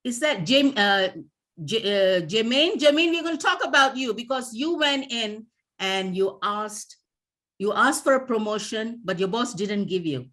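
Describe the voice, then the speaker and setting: Animated woman trainer. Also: fairly high pitch, unhurried. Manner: animated, acts out little scenes with quoted voices. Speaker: workplace assertiveness trainer. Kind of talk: online workshop coaching. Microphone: video call.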